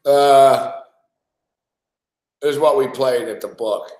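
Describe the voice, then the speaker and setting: A man's voice: medium pitch, fairly even intonation, slow pace, a little mellow, reverberant. A man hosting a sports betting show, complaining with heavy swearing about his bets. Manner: profane, frustrated rant. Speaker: sports betting podcast host. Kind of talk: casual betting talk.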